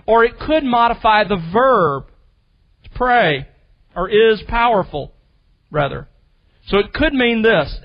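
A man with a high voice preaches an expository sermon to his congregation. He teaches with emphasis and slows down to stress the key phrases. The recording sounds muffled and lo-fi. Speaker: pastor.

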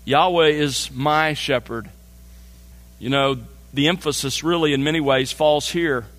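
A man delivers a measured expository sermon, slowing deliberately to stress each key phrase. His voice sits a little higher than most men's. The sound carries a long reverb, as in a large church hall. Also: fairly bright tone. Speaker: pastor.

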